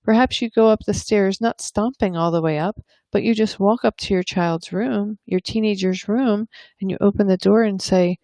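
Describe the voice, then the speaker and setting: A woman and parenting coach talking calmly and earnestly to camera, explaining ideas and acting out example dialogues. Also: medium pitch, moderate pace, dry recording. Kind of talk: advice talk to camera.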